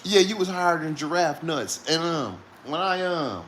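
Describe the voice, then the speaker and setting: A man's voice: on the high side, sing-song, unhurried, fairly bright tone, a little hiss or hum. A man who drives trucks, telling a rambling story in casual talk, swearing often and laughing between lines.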